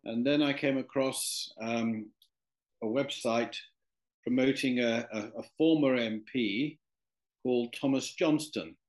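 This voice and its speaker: Man, interview guest, anecdotal storytelling, rambling, fillers, medium pitch. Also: slow. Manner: rambling, with many fillers and restarts.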